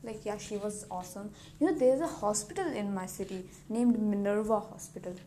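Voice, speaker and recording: A woman's voice: mid-range voice, fairly quick, dark tone. A teenage girl talking casually to camera in a rambling, self-mocking way with lots of giggles. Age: teens. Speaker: vlogger. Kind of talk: casual vlog monologue. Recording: faint background noise.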